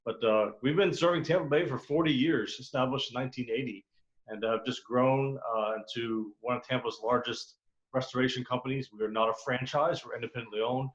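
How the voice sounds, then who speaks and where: A man pitching his restoration company on a video call, in a plain salesy way with some fillers. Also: fairly quick. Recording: dull lo-fi video call audio.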